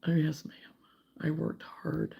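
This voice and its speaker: A woman hosting a casual crochet livestream, chatting warmly and reading out viewer comments, sometimes close to tears. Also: low-pitched, huge pitch swings, slow pace, gravelly, in a whisper, lo-fi sound. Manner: warm, emotional, reads viewer comments aloud.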